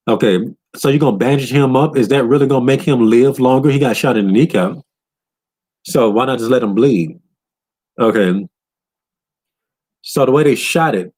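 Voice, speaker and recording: A man in a loose, profane rant recapping a video game, often breaking into higher voices to quote characters. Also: a little mellow, breathy edge. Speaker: gaming commentator.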